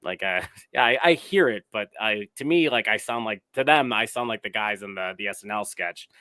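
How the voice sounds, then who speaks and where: A man with a lowish voice and a Chicago accent chats as a podcast guest. He jokes about himself and laughs between lines. His voice sounds close and dry. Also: expressive, moderate pace, pushed and bright, no room sound. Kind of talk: casual chat.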